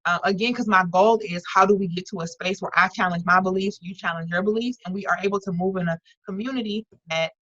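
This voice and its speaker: A woman's voice: medium pitch, fast, few pauses, a bit bright, no room sound, muffled recording. Earnest woman leading an online workshop. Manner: earnest, conversational, many restarts and fillers. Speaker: workshop facilitator.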